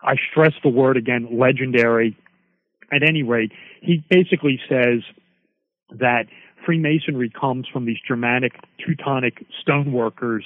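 A man's voice: medium pitch, no echo. Man, interview guest, phone-quality audio, dry sound, filler-heavy explaining. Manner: rambling, many "you know" and "um" fillers. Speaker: guest expert on Freemasonry. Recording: dry, tinny phone line.

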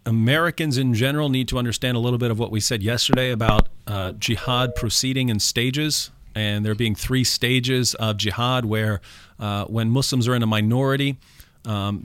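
A man's voice: mid-range voice, fairly even intonation, brisk, fairly bright tone, no echo. A man speaking on a call-in radio talk show, recites quotations in a raised tone. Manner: quotes scripture in a raised, recited tone. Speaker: guest speaker.

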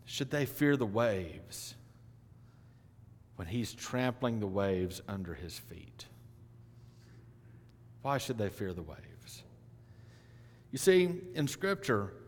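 A male pastor delivering a sermon, swinging between loud emphatic lines and hushed, quiet ones. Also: mid-range voice. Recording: long hall reverb.

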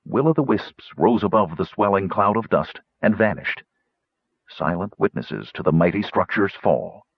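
A man narrating a fantasy audiobook in a dramatic, measured storytelling manner. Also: low voice, animated, slightly rough, no echo. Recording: dull lo-fi dry recording.

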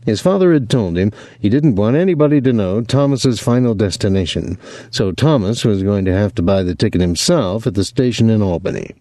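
An audiobook narrator with a lowish voice reads a novel chapter in a measured, steady way. The scripted narration is recorded dry, with clean studio sound.

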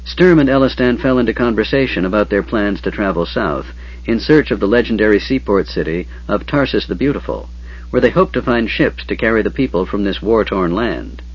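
A man reading a fantasy novel aloud in a steady, measured storytelling voice. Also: fairly low pitch, breathy edge. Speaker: audiobook narrator. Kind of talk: scripted fantasy narration. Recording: dull lo-fi audiobook recording.

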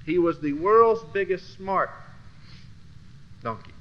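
Animated man telling a story, lo-fi. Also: slow pace. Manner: animated, swings from low murmurs to loud bursts. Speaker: Christian class teacher. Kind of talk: personal storytelling to a class. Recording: dull lo-fi recording with faint hiss.

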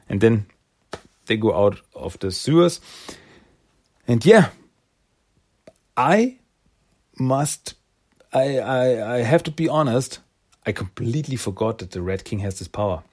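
A man talks through a comic book story in a loose, rambling way, filling gaps with "uh" and "like". His voice is husky and sits in a mid range. It sounds like a casual fan recap. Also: mid-range voice, sing-song, a little slow, long pauses, darkish tone. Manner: rambling with fillers, slips into character voices.

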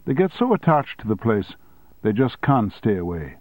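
A man's voice: lowish voice, big pitch swings, normal speed, a little mellow, no echo. A man reading an audiobook and voicing a smug male union boss who speaks with sly, feigned innocence.

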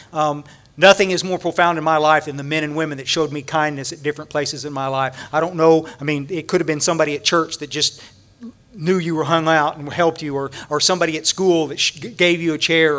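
A man, speaking at a recovery conference and animatedly acting out a story for the audience, with many restarts. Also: a little high. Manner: animated, acts out scenes, frequent restarts. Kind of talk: storytelling talk to a large audience.

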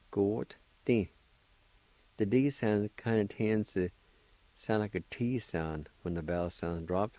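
On a radio language lesson, this middle-aged Oklahoma host and teacher speaks in a low, warm voice, encouragingly spelling words and sounding them out with patience. The recording is dry and the audio poor.

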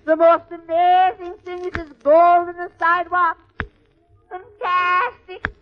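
A giddy Irish immigrant, shrill and amazed. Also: male voice, monotone. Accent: put-on Irish. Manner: shrill, wide-eyed marveling, drawn-out exclamations. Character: giddy Irish immigrant man, newly arrived. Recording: lo-fi old radio recording, faint hiss.

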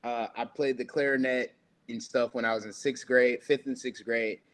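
A man's voice: mid-range voice, fairly even intonation, moderate pace, fairly bright tone. Young man rambling through a story. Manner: rambling, loose and laid-back, heavy filler words. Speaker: podcast guest. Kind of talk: casual storytelling.

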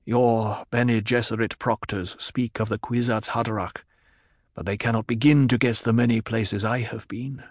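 A man voicing a young man just out of a coma, his voice weak but steady. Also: medium pitch, normal speed, dry recording, studio quality, close to an everyday voice.

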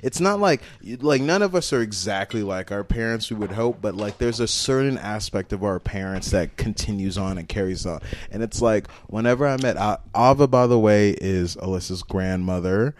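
A young man co-hosting a casual drinking podcast, animated, swearing freely and talking over the others. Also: lowish voice, moderate pace, hardly any pauses, a little hiss or hum. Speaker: podcast co-host.

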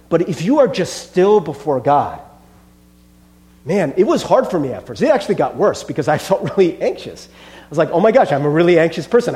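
A man's voice: high-pitched, warm tone. A male pastor preaching a sermon in an earnest, conversational way, often calling the listeners friends.

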